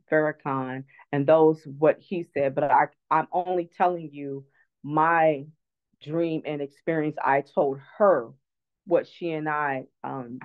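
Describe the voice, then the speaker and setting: A woman guest speaker, earnest and reflective, telling a personal story in an online talk. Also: deep voice. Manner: earnest, reflective, many restarts. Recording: tinny phone-line audio.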